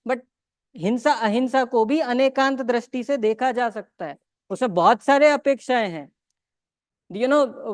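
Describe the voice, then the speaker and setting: Smooth-voiced woman teacher. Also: a little high, no echo, clean studio sound. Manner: questioning the audience, mixing in Hindi phrases. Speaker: religious teacher. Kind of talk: interactive lecture to a class. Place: temple lecture room.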